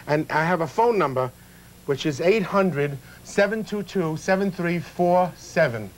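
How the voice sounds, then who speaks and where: A middle-aged man chatting and joking as a celebrity guest on a cooking show, excitable and full of gags, breaking into high laughs. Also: measured pace, low-quality recording. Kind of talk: comic chat while cooking.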